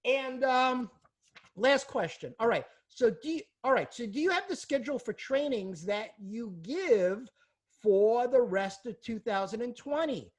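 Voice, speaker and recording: An enthusiastic woman runs a live question-and-answer webinar over a video call. Her fairly high voice swings widely in pitch as she pitches her coaching with a salesy, upbeat push. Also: animated, unhurried. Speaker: host, practice coach.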